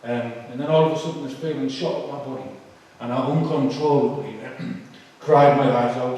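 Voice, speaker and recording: A man's voice: medium pitch, darkish tone. Man telling his testimony in an echoey hall. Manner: emotional, halting, with many fillers. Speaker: speaker giving a testimony. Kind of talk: personal testimony talk. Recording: echoey hall, far from the mic.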